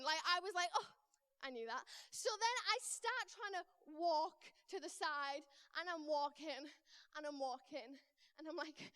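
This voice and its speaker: A young woman preaching in a church, telling a funny personal story with lively, acted-out panic before turning it into a lesson. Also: extremely high pitch. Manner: lively storytelling, acts out her own panic.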